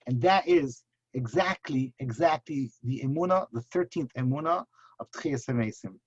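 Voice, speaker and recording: A man's voice: mid-range voice, lively intonation, moderate pace, dry recording. Impassioned male rabbi, dull lo-fi audio. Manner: impassioned, with emphatic repetition. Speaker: rabbi teaching a class. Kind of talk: Torah lecture. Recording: husky voice, dull lo-fi sound.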